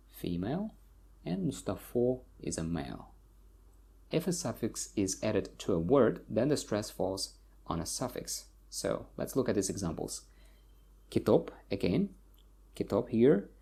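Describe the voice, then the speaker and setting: A man from Tajikistan with a Tajik accent, explaining word stress to learners and repeating each example word slowly. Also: lowish voice, mellow, slightly rough. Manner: slow, repeats words for learners. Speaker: language teacher. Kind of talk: explaining pronunciation lesson.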